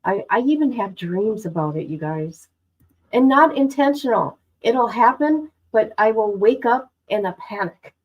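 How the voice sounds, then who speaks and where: A woman's voice: on the high side, lively intonation, measured pace, muffled recording. A woman hosting a casual livestream, dramatic and exclamatory, talking to herself and her chat. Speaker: livestream host. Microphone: no headphones, device mic.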